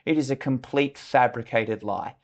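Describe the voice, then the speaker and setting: A man's voice: medium pitch, normal speed, lo-fi sound. Australian man, middle-aged, podcast guest; candid storyteller with a mid-range voice. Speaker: leadership consultant, podcast guest.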